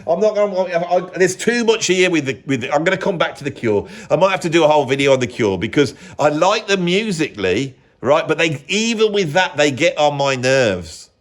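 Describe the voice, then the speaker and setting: A man's voice: fairly high pitch, big pitch swings, a little fast, few pauses. Sarcastic British man ranting. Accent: British English. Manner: blunt, sarcastic, rambling. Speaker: musician and vlogger. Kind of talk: opinionated rant.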